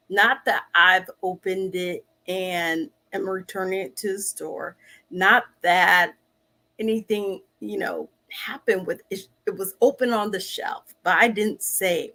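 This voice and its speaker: A woman talking casually to her viewers, slow and searching, often restarting her sentences. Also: lowish voice, fairly bright tone. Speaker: vlog host. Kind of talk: casual personal talk to camera.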